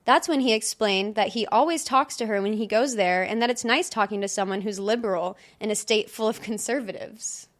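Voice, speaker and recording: A woman's voice: medium pitch, a little fast, few pauses. A young woman co-hosting a casual podcast, reading stories aloud in a chatty way and laughing often. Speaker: podcast co-host.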